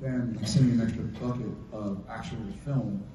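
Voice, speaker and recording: A man on a convention panel, telling an animated story with playful asides. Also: on the low side, moderate pace, slight background noise. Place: large convention hall. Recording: dull echoey hall sound from a distance.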